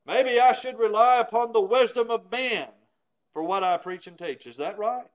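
A man preaching a sermon with a notably high voice. He speaks earnestly and with emphasis, pressing his listeners with rhetorical questions. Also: moderate pace, low-quality recording.

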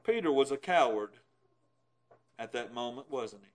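A man preaching a sermon in a folksy way, with loud emphatic bursts, low quiet asides and chuckles at his own points. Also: lively intonation, moderate pace, poor audio.

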